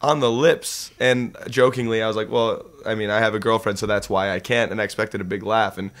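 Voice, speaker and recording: Bright-voiced young band guy telling stories. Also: lowish voice, a little fast. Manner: animated, jokey storyteller. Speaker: band member guest. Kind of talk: casual storytelling chat.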